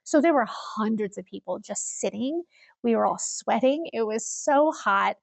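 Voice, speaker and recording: A woman co-hosting a casual chat podcast, telling stories with animated energy and frequent laughs. Her voice is a little high with a gravelly edge. The sound is dry and close. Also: unhurried, no echo. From Iowa. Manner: animated storyteller, laughs often, acts out quoted people. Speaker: podcast co-host.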